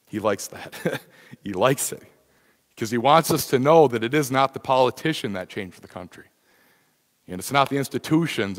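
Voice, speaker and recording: Man preaching in a reverberant church. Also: medium pitch. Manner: conversational preaching, frequent fillers and restarts. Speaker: pastor. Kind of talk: sermon. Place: church sanctuary.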